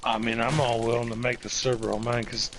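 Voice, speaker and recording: Gravelly American man on a noisy mic. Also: medium pitch, little pitch movement, fairly quick. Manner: rambling, full of restarts and fillers. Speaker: gamer chatting in an online party. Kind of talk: casual chat.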